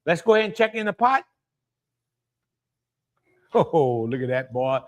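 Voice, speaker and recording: A man's voice: on the high side, big pitch swings, a little slow, pauses often, lo-fi sound. A man with a Louisiana accent hosting a casual live cooking stream, chatty and exclamatory, greeting viewers by name and laughing often. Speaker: cooking show host.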